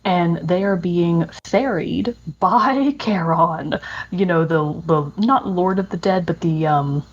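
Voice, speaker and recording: A woman co-hosts a casual podcast and gushes about a game she loves. Her voice sits a little low and has a faint husk. The recording sounds somewhat dull and lo-fi. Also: slow. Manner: chatty, enthusiastic, many fillers. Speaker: podcast co-host. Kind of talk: casual chat about video games. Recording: dull lo-fi audio.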